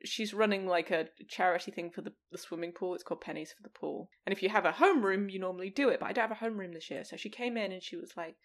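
A woman's voice: medium pitch, quick pace, hardly any pauses. A woman who works as a teacher, chatting casually on a podcast and telling stories with a lot of swearing and acted-out dialogue. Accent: non-local accent. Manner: sweary, animated storyteller acting out dialogue. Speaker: podcast co-host; school teacher. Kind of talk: casual chat.

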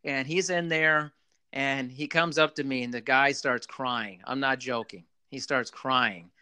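A man, a former club general manager, chatting casually and telling an animated story, with lots of "you know". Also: medium pitch, unhurried, clear, resonant tone, no echo, studio quality.

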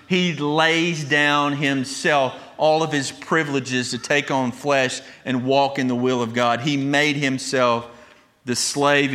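A man's voice: mid-range voice, sharp tone. A pastor preaching an earnest, emphatic sermon, restarting phrases as he goes.

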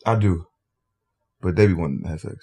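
A man with a very low, husky voice hosts a casual podcast chat. He speaks in short, laid-back replies. His tone stays relaxed and low-key. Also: brisk. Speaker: podcast host.

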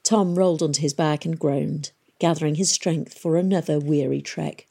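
Woman audiobook narrator, low voice, gravelly texture, dark tone, steady storytelling. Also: normal speed.

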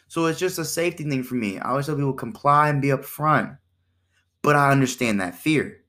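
Animated man hosting a casual podcast. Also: medium pitch, moderate pace. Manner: animated, acts out quoted exchanges in shifting voices; conversational, with repeated "right?" and "you know". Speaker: podcast host.

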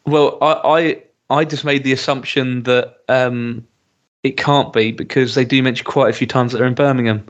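A man's voice: medium pitch, fairly even intonation, moderate pace. Chatty man, muffled podcast sound. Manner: chatty, hesitant with frequent ums and restarts. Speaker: podcast co-host. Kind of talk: casual chat reviewing a TV episode.

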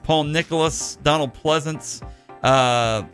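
A man's voice: fairly high pitch, slow, a bit bright, faint music behind. A man hosting a podcast, chatting casually in a jokey, rambling way with lots of fillers. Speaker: podcast host.

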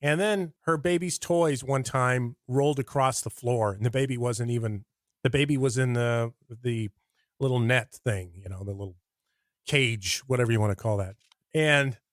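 A middle-aged man with an American Midwest accent, a radio personality telling rambling, animated stories in a conversational interview. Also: mid-range voice, no echo, studio quality. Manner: rambling, animated anecdotes with acted-out quotes. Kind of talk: conversational storytelling.

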